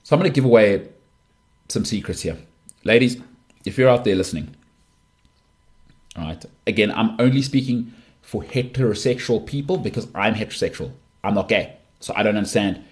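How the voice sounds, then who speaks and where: A man's voice: lowish voice, a little fast, pauses often, a little mellow. A middle-aged man hosting a solo sports podcast, talking in an opinionated, emphatic way with frequent restarts. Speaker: podcast host.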